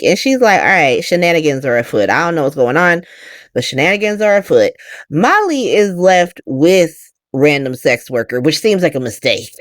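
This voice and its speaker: A woman hosting a casual solo recap, talking with laughter and quick acted-out voices. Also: on the low side, dry recording, clean studio sound. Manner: animated, laughing, acts out characters in quick voices. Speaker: podcast host recapping a soap opera.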